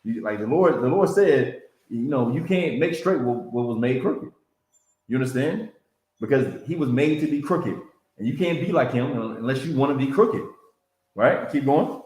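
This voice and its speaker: A man's voice: medium pitch, animated, normal speed, a little mellow. A man teaching a Bible class in a preaching style, repeating himself and checking in with "you understand?" and "man.". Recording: roomy echo.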